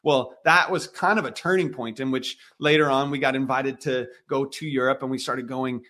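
A man in his thirties, a guest on an interview, telling a story with lively acted-out dialogue. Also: medium pitch, normal speed. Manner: animated storyteller acting out quoted dialogue. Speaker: guest, missionary musician.

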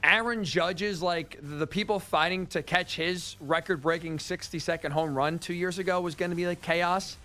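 A man's voice: high-pitched, steady tone, moderate pace, hardly any pauses, pushed and bright, soft background music. A man hosting a sports talk radio show, telling stories with incredulous, ranting energy.

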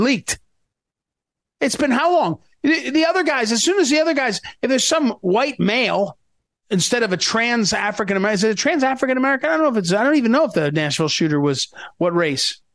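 A man hosting a political radio talk show, talking fast and emphatically, often breaking off and restarting. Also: very high-pitched, animated, a bit bright, dry recording, studio quality. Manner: fast, emphatic, self-interrupting.

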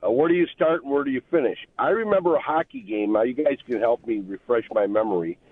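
A man's voice: mid-range voice, fast, husky, dry recording. A man calling in to a talk radio show, rambling and reminiscing with many fillers. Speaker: caller. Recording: tinny phone line.

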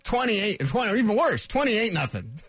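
A high-pitched male sports radio host ranting solo into a studio mic. He is fired up and loud, piling on tangents and sarcastic asides, and the sound is dry and close. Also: big pitch swings, brisk, husky, no room sound, faint music behind.

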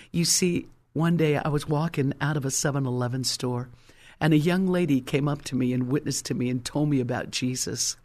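A woman's voice: very deep voice, normal speed, a little mellow. An older woman giving a personal faith testimony, telling her story emphatically and acting out the quotes. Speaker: Christian testimony speaker.

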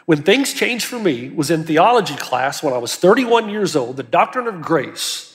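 A man's voice: a little high, big pitch swings, normal speed. A male pastor preaching an earnest, emphatic sermon, lifting his voice on key words. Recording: long hall reverb.

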